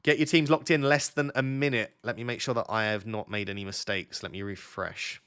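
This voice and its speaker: A young man with a slightly low voice chatting casually on a late-night live stream, lying in bed at home. He teases his viewers and keeps up a running, easygoing banter. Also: fairly even intonation, fairly quick, a bit bright, clean tone. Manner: chatty, teasing, talks to chat. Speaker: fantasy football streamer, host.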